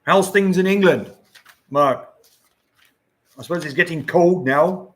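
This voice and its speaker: Older guy chatting on a live stream, slow and rambly, laughs a lot. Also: on the high side, a bit bright. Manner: rambling, chatty, chuckles often. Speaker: livestream host. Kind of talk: casual live-stream chat.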